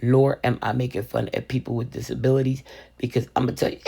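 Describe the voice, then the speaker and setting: A woman's voice: extremely low pitch, little pitch movement, quick pace, gravelly, mellow, husky. An older woman hosting a crafting vlog, telling a story in a sassy, playful way and calling herself Mama. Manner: sassy, playful, calls viewers baby and sugar, refers to herself as Mama. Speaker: resin crafting video host.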